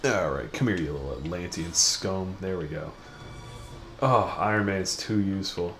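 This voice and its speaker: With a deep, slightly bright voice at normal speed, a young man hosts a gaming video with faint music behind him. His casual let's-play commentary is rambling, crude, and self-mocking, and the room sounds echoey with faint noise.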